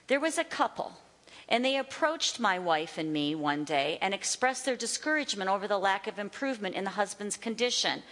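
A woman's voice: medium pitch, fairly bright tone. A woman teaching a sermon in an emphatic way, repeating her key phrases. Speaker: Bible teacher. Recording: long hall reverb.

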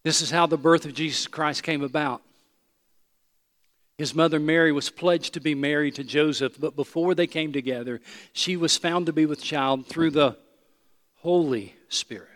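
High-voiced male preacher in echoing hall. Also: normal speed. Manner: emphatic, repeats phrases, drops to hushed tones. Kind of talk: sermon. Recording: long hall reverb.

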